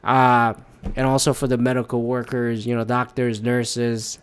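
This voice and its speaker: A young man giving a blunt, profane political rant, excitable and prone to restarts. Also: mid-range voice, a little slow, clear, resonant tone. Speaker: commentator.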